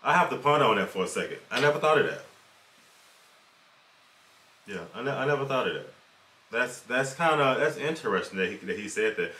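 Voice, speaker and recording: A man co-hosting a reaction video, thinking aloud in a halting way that repeats its words. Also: mid-range voice, expressive, bright, forceful tone. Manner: halting and repetitive, musing aloud. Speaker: reaction channel co-host. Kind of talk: casual reaction commentary. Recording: roomy echo, distant mic.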